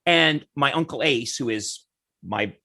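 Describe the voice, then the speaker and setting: A man from Nova Scotia, Canada, telling stories as a podcast guest in an animated way. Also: mid-range voice, measured pace. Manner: animated, acts out characters. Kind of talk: casual storytelling.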